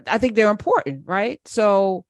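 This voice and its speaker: A woman's voice: medium pitch, big pitch swings, a little slow, dry recording, studio quality. A woman hosting a talk radio show, speaking in a conversational, reflective way.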